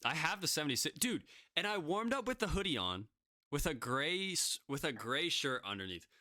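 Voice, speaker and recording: A man's voice: a little high, very animated, normal speed, sharp tone, no echo, studio quality. A young man casually telling self-deprecating stories, rambling with lots of fillers. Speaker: podcast guest pitcher. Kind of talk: casual storytelling.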